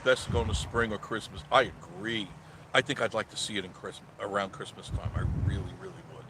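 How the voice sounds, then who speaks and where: A man hosting a casual live stream from a parked car, ranting loudly and sarcastically, then reading viewer comments. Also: fairly low pitch, fast, heavy background noise. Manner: loud, ranting and sarcastic, mocking voices.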